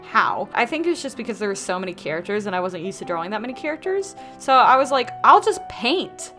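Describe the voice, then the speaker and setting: A woman's voice: mid-range voice, rapid-fire, soft background music. A young woman with a Southern US accent, chatting casually and telling stories over her speedpaint video. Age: young adult. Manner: chatty, animated, quotes people in put-on voices. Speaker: artist vlogger.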